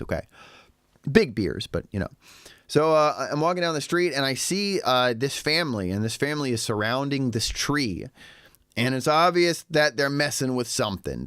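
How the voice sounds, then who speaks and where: A man vlogs straight to camera, his pitch leaping up and down as he rambles through a story full of sarcastic asides. He sounds a little tipsy, and the sound is dry and close. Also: fairly bright tone, no room sound. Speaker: vlogger living in Shanghai. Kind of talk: casual storytelling monologue.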